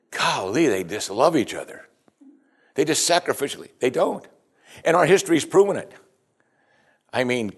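A man preaching a sermon as pastor in a conversational way, often saying "you see" and restarting his sentences. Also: medium pitch.

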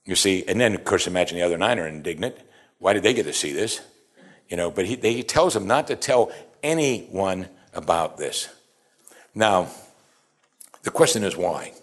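A man with a low-pitched voice preaches a sermon in an animated, conversational way. He jumps into quoted lines with a raised voice and chuckles as he explains the scripture. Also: moderate pace.

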